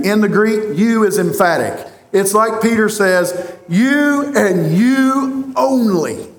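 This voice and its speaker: A pastor delivering an emphatic sermon, with rhetorical questions and long pauses. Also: male voice, high voice. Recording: roomy echo.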